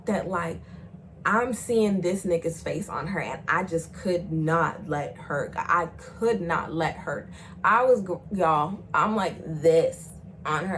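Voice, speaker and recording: A young woman speaking tells a wild storytime in a loose, profane vlog voice. She keeps pushing the story along, often leaping into shrill, loud imitations of the people in it. Faint noise sits under the recording. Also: poor audio. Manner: animated, profane, swings into loud high acted quotes. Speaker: storyteller vlogger. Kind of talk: casual storytime chat.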